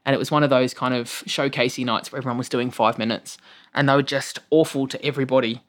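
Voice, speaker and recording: An Australian stand-up comedian telling lively, profane stories in casual conversation, often jumping up high to act out quotes. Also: quick pace. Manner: animated, swears freely, jumps into high-pitched acted quotes.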